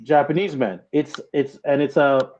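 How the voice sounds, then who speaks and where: A man's voice: mid-range voice, steady tone, normal speed, a little mellow, slight background noise. Man on a dull-sounding mic. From Toronto, Canada. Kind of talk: casual chat.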